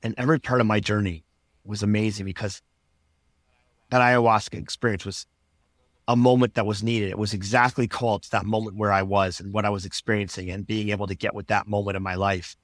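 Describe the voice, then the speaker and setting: A man's voice: fairly low pitch, no room sound, studio quality. A man, a podcast guest, telling his personal story in an earnest, reflective way.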